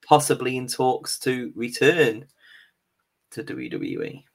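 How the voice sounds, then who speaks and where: A man chatting casually on a podcast, loose and jokey, quick to laugh. His voice sits at an ordinary pitch and comes through a remote call. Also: huge pitch swings, creaky. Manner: laughs often, loose and joking. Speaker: podcast host. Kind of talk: casual chat.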